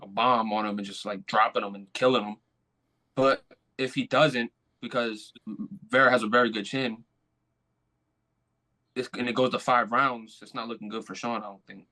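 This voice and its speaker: A man's voice: mid-range voice, sharp tone. A man as a podcast guest, joking and a bit hesitant, often saying bro. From USA. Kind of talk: casual sports chat.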